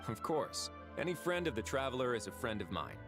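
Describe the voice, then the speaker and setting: A man's voice: medium pitch, very animated, fairly quick, natural voice. A man voicing a wry, laid-back prison warden. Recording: game audio over music.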